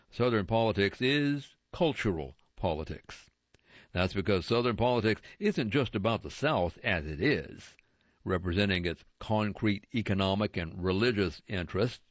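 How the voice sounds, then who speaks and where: A man reading magazine articles aloud on air, deliberate and measured, slowing down to stress key words. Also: on the low side, no echo. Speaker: radio reader of magazine articles. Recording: dull lo-fi dry broadcast sound.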